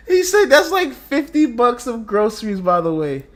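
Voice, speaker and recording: A man's voice: very high voice, big pitch swings, normal speed, few pauses. A man reacting to clips, laughing almost nonstop and talking in slangy, profane casual speech. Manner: laughs constantly, slangy, swears. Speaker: reaction streamer.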